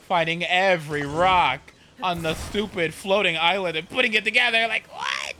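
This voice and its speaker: Guy streaming a game, kinda high voice, really bright, rambles and cusses and whoops. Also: normal speed, few pauses, a little hiss or hum. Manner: rambling and animated, with restarts, swearing and sudden whoops. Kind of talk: casual gameplay chat.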